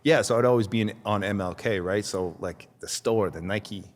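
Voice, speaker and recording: A man with a very deep voice talks in a loose, rambling way, often restarting his sentences. His voice carries a long reverb tail, as if recorded in a large room. The talk is casual and easygoing. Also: moderate pace. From Canada. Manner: rambling, restarts sentences, mimics accents when quoting people. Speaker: podcast guest, artist. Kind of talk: casual chat.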